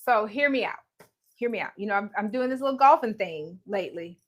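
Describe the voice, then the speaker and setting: A woman with an expressive mid-range voice talks a little fast while hosting a casual embroidery stream from home. She jokes, chats, laughs often and calls out viewers by name, all captured through live-streaming equipment.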